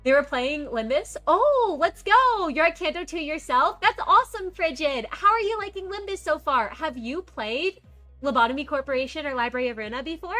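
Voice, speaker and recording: A woman's voice: high voice, animated, moderate pace, bright, forceful tone, faint music behind. A woman streamer in casual live chat, bubbly, reading viewer messages aloud and greeting them on a desk microphone. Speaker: game streamer.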